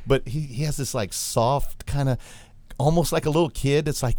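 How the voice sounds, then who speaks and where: A man of medium pitch who hosts a sports talk show in a loose, rambling way. He stops and restarts often while he works out his thoughts, and he keeps the chat easygoing. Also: gravelly, no room sound. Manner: rambling, halting, lots of restarts. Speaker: host.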